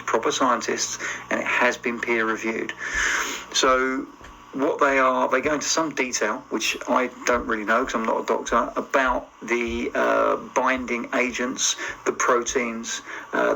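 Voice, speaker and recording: Man, social media commentator, gravelly and bright-toned, measured and emphatic. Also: mid-range voice, slight background noise, rough recording. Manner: careful, emphatic, hedging. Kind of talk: talking to camera.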